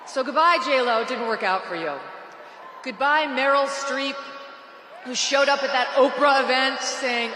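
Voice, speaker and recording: Woman, rally speech, sarcastic and mocking, bright voice, long echoey arena reverb. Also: high voice, expressive, moderate pace, slight background noise. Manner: mocking, sarcastic, punchy delivery. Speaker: rally speaker. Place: large indoor rally venue.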